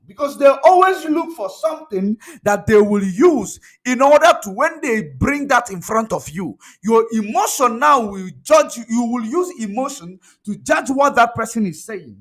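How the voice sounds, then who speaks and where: A man giving a political commentary vlog, emphatic and repetitive, full of "you know" fillers. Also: very high voice. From Nigeria. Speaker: political blogger.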